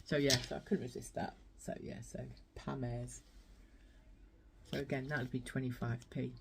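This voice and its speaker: A woman's voice: very deep voice, little pitch movement, normal speed, vocal fry, slight background noise. A woman vlogging her thrift finds in a chatty, rambling way, laughing often. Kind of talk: casual chat.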